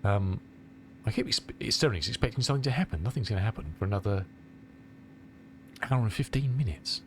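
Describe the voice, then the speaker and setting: Chatty, lively-voiced English streamer with a cold. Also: male voice, lowish voice, a little fast, slight background noise. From England. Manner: rambling, chatty, answers chat aloud. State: has a cold. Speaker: flight sim streamer. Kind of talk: casual live-stream chat with viewers.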